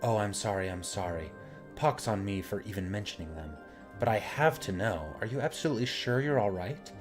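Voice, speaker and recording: A man voicing a sweet, timid young woman who talks gently and apologetically while reading game dialogue. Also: on the low side, expressive, a little fast, music in the background, natural voice. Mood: curious.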